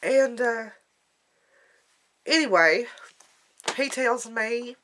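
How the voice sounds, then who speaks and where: A woman's voice: a little high, drawn-out words, a bit bright. A woman talking in a rambling, folksy, emotional way in a personal video diary. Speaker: vlogger.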